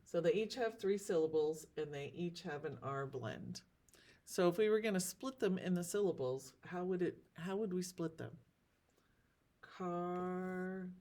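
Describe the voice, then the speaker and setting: A woman teacher giving a recorded lesson, sounding out words slowly and carefully. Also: lowish voice, animated, warm tone. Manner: slow, drawn-out word sounding.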